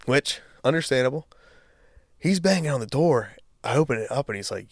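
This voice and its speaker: A young man co-hosting a podcast, telling a long story in casual chat, swearing freely and getting loud as he relives the anger. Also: mid-range voice, expressive, moderate pace, no echo, studio quality. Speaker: podcast co-host.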